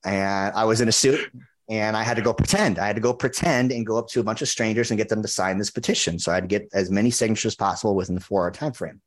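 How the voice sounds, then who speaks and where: A man's voice: fairly low pitch, fast. A man in a podcast interview who tells his story in a blunt, intense way and swears freely. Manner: intense, blunt and frequently profane. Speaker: podcast guest, men's coach. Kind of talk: casual conversational storytelling.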